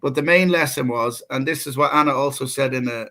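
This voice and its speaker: A man's voice: mid-range voice, fairly quick, pushed and bright. A middle-aged man with an Irish accent, co-hosting a casual talk show and telling a personal story with many restarts and fillers. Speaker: co-host.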